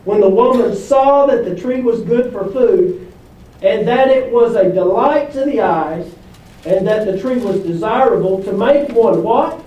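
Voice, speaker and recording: High-voiced preacher in an echoey hall. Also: male voice, unhurried, recorded from a distance, dull audio. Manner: preaching with rhetorical questions to the congregation. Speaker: pastor. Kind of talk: sermon. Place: church hall.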